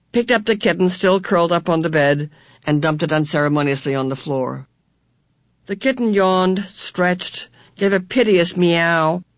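Measured audiobook narrator. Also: medium pitch, fairly bright tone, dry recording, clean studio sound. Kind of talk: scripted narration.

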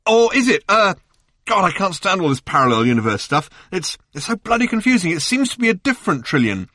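A man voicing a flustered, excitable Englishman in an audiobook, raising his voice into anxious exclamations. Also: fast, breathy edge, no echo, studio quality, heavily acted. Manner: high-pitched, exclaiming, anxious.

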